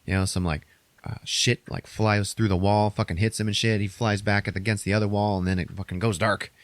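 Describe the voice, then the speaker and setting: Low-voiced guy cussing his way through a movie plot on a podcast, jumps up high for the characters, dry close sound. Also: level tone, fairly quick, dry recording. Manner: profane, rambling, acts out characters' lines in a raised voice. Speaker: podcast host recapping a movie. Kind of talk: casual movie recap.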